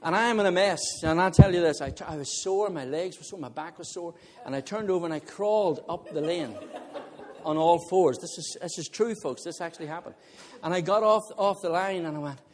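A male preacher giving a sermon, telling a funny personal story in an animated way and often laughing as he talks to the congregation. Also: high-pitched, fairly quick. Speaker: visiting preacher.

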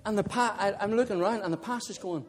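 A man preaching a sermon with a somewhat high voice, spinning a comic personal story for his congregation. He talks in an animated, conversational way, breaking into laughter and turning to his listeners directly. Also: fast. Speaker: visiting preacher.

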